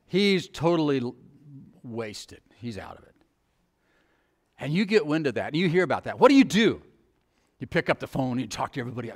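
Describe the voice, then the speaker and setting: A man's voice: a little high, very animated, brisk, pauses often. A middle-aged male pastor preaching a sermon, asking the congregation rhetorical questions in a conversational way.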